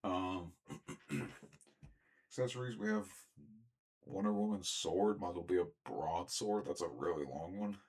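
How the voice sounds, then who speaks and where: A young man chatting casually as he unboxes and reviews action figures, rambling and often clearing his throat. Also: sits low, a little slow, pauses often, darkish tone. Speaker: toy reviewer.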